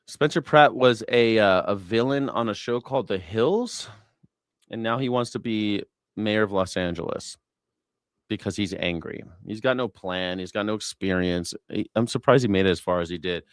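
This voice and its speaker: A man's voice: lowish voice, moderate pace, clear, resonant tone, no room sound, studio quality. Profane sarcastic male commentator. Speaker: host. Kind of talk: news reaction commentary.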